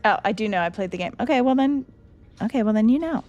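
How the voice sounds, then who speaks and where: A woman streaming a game live and chatting casually with her viewers, emotional and quick to laugh. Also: on the high side, expressive, a little mellow, highs cut off.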